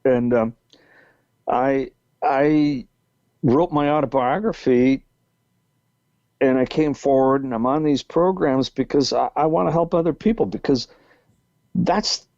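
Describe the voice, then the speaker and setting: A man's voice: medium pitch, a little slow, pauses often, a little mellow, no echo. A man in his sixties with a New England accent, a guest telling a long story in a rambling way, full of restarts. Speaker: podcast guest. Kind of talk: storytelling interview. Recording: muffled lo-fi call audio.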